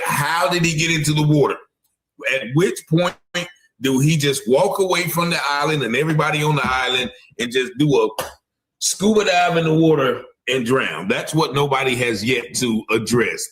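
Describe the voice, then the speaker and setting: Man, mid-pitched, hosting true-crime commentary; emphatic, keeps hedging, picks apart clips. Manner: emphatic, repeats "allegedly", stops to replay clips. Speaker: commentary channel host.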